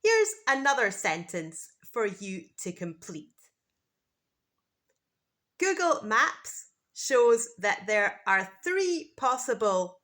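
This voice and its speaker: Slow, bright-voiced teacher woman. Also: mid-range voice. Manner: repeats each word slowly and clearly, contrasting pronunciations. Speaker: English pronunciation teacher. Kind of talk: slow, deliberate scripted teaching.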